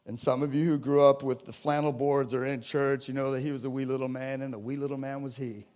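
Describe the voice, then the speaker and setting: Speaking fast in a level, medium-pitched voice with a slightly mellow quality, a pastor gives a sermon in a church sanctuary. He keeps things conversational with the congregation and performs Bible scenes in quoted voices.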